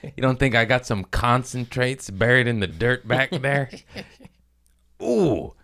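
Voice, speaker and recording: Into a studio mic, a solo comedy podcast host rambles through a casual monologue, hopping between topics, cursing freely, and laughing a lot, buzzing on caffeine and excitable. He speaks a little slowly with a gravelly, medium-pitched voice.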